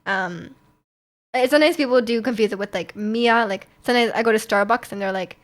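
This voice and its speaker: A woman's voice: a little high, a little fast. A young woman streamer chatting casually with her viewers, rambling with lots of fillers and restarts.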